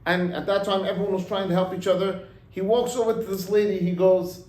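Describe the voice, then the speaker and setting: A rabbi telling a story in a sermon, acting out its voices and mixing in Hebrew and Yiddish words. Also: male voice, sits high, a little fast, echoey room, poor audio. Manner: animated, acts out the voices in the story.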